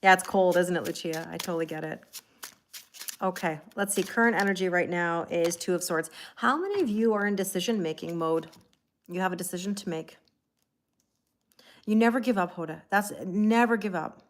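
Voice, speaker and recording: A woman's voice: fairly low pitch, brisk. Chatty woman tarot reader streaming live. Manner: chatty and rambling, greets viewers by name; heavy use of "like" and restarts. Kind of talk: casual livestream tarot reading.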